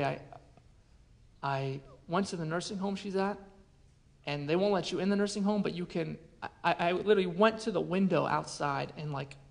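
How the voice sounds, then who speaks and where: A pastor tells a personal story in an earnest sermon, often dropping his voice to a hush. His voice is a little high and creaky.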